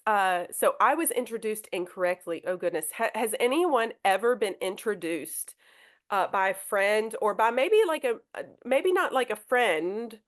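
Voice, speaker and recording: A woman teacher leads a live podcast lesson in a fairly high voice. She talks in a loose, chatty way, stumbling and restarting her sentences as she goes. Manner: chatty, hesitant, many restarts.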